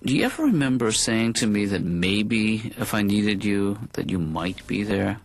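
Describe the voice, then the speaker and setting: An actor voicing a mild, anxious middle-aged male therapist in a cartoon, talking in a deadpan, hesitant mumble. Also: fairly low pitch, moderate pace, dry recording. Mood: dry.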